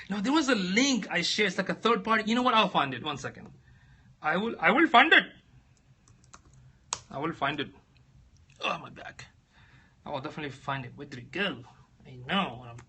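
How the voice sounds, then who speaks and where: A man's voice: on the high side, pushed and bright, husky. A man hosting a casual live stream, rambling and thinking aloud as he searches, reading out viewer comments and answering them. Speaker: livestream host.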